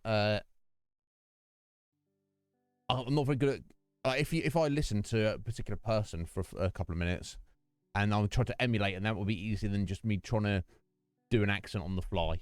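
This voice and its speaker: A British man streaming a game, musing aloud to his viewers in a relaxed, rambling way with plenty of ums and restarts. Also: fairly low pitch, fast talker, dry recording, studio quality, soft background music. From United Kingdom. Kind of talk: casual chat during a game stream.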